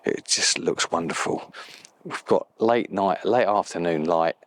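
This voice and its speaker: Guy vlogging outside by a loch, low voice, excited but hushed, sometimes whispering. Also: a little slow. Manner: enthusiastic, softly spoken, at times whispering. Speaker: landscape photographer. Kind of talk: outdoor photography vlog. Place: outdoors beside a loch on a moor.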